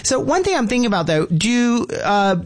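A man's voice: very high-pitched, very animated, moderate pace. A man hosting a personal finance call-in radio show, asking questions in a folksy, chatty way.

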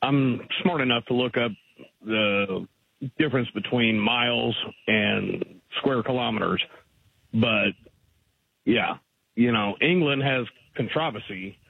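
A man's voice: medium pitch, takes it slowly, vocal fry, husky. A man calling into a radio show, pressing the host with argumentative points. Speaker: caller. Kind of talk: call-in radio conversation. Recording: phone-line caller audio.

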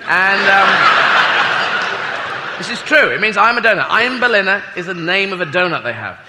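British male stand-up, high-ish voice, self-mocking rambler, live in a reverberant hall. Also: lively intonation, normal speed, sharp tone. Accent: British English. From Britain. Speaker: stand-up comedian. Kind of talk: stand-up comedy set. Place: large hall before a live audience. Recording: echoey hall with audience noise.

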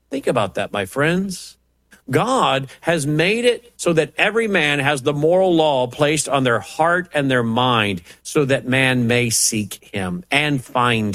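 An impassioned man teaches the Bible verse by verse, firing off rhetorical questions and mocking asides as he builds to forceful preaching. His voice sits a little higher than most men's, and the sound is close and dry with no room around it. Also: dry recording. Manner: impassioned, rising to emphatic preaching on scripture. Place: at a computer, typing up passages.

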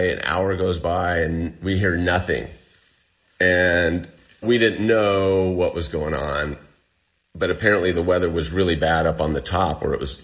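A man with a very deep voice tells his story as an interview guest. He talks in a loose, casual way, full of fillers, and his pace shifts between rushed and drawn out. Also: a bit bright. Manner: casual storytelling, many fillers, speeds up and slows down. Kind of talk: recounting a personal ordeal.

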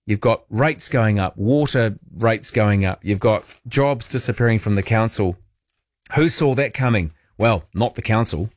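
In a dry, clean studio recording, a man with a lowish voice and a New Zealand accent hosts morning radio. He talks through the news at a measured pace, casual, joking, and wry.

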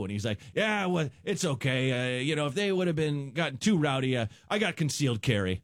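A man's voice: fairly high pitch, a little fast, dry recording. A man, a stand-up comedian, guesting on a radio show and telling a rambling story, acting out the people in it. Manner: rambling, animated storyteller who acts out characters.

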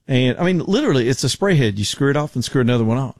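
A man's voice: medium pitch, animated, rapid-fire, darkish tone, no echo. Brief: man, radio host, rambling folksy talk, dry studio sound.

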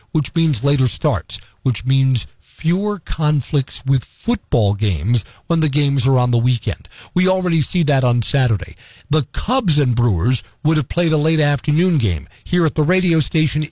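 A man hosting a morning radio show, hoarse from losing his voice, chatting. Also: mid-range voice, darkish tone, dry recording, studio quality. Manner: chatty, rambling with fillers. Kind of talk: casual radio talk. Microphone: studio microphone.

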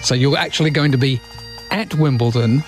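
A man hosting a radio show, bantering casually and slipping into quick celebrity impressions. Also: medium pitch, soft background music. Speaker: radio host. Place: radio studio.

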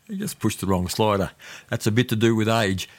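Older man, low-voiced radio DJ. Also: very animated, moderate pace, soft background music. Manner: chatty, rambling, many "uh" fillers. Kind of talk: casual radio music presenting.

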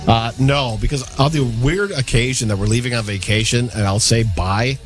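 A man's voice: mid-range voice, moderate pace, music in the background. A man co-hosting a radio show, teasing his partner in a playful way and laughing easily. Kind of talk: casual on-air banter.

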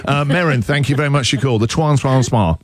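A man's voice: mid-range voice, fast talker, crowd noise. A man hosting a radio breakfast show, joking and teasing callers with lots of energy. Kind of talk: lively radio banter with callers. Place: radio studio.

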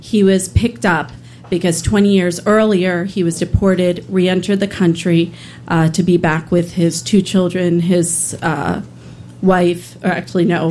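Earnest woman telling a story, lower voice. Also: a little mellow, slight background noise. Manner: earnest, with some hesitations. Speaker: public defender telling a story. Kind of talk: live storytelling on stage.

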